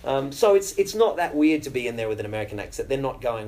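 A middle-aged Australian actor talking casually in an interview, chatty and self-deprecating, with many fillers and restarts. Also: male voice, mid-range voice, rapid-fire, few pauses, darkish tone, slight background noise, rough recording.

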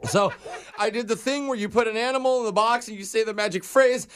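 Prank caller: a man doing a high-voiced, rambling, panicky amateur magician dog sitter. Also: quick pace, fairly bright tone, smooth. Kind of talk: prank phone call.

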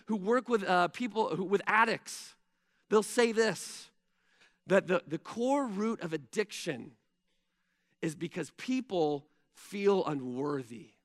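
A man preaching a sermon as pastor, conversational, swinging between loud emphasis and hushed intensity. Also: sits high. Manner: conversational asides with "right?" and "like".

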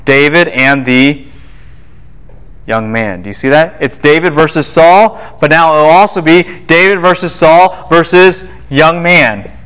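A man giving a university Bible lecture, lively and quizzing the class with quick asides. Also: fairly high pitch, smooth, poor audio.

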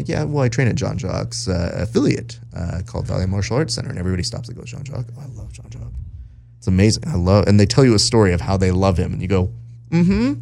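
Casting: low-voiced guy from southern california, easygoing host who animates his anecdotes. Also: vocal fry, slight background noise. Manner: animated storyteller, acts out quotes. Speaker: podcast host and jiu-jitsu broadcaster. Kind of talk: casual interview chat.

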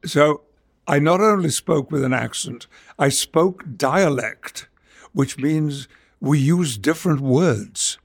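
An older English actor from Yorkshire with a gravelly voice, speaking in trained stage English in a measured, theatrical interview manner. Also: male voice, on the high side. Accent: English, trained stage speech. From Yorkshire, England. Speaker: actor, guest. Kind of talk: interview conversation and dramatic verse reading.

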